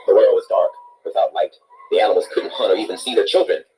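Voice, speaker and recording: A man reading a children's picture book aloud in an expressive, animated storyteller's way. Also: fairly low pitch, quick pace, slight background noise, rough recording.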